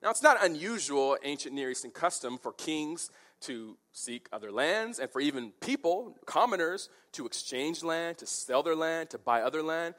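Animated, lively-pitched male preacher. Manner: animated, conversational, with quick asides. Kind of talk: expository sermon.

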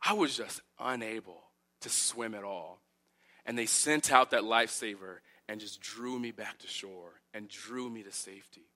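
A man, a pastor preaching a sermon and telling a personal story, swinging from loud emphatic cries to quiet, low asides. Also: moderate pace. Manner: animated storyteller, loud emphatic peaks then dropping quiet.

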